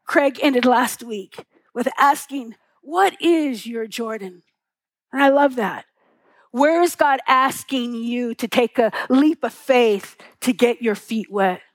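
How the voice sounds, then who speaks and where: A middle-aged woman preaches with a bright, high voice, tender and earnest as she tells stories and asks rhetorical questions. Her voice comes through a close mic, dry with no room echo. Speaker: pastor. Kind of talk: sermon.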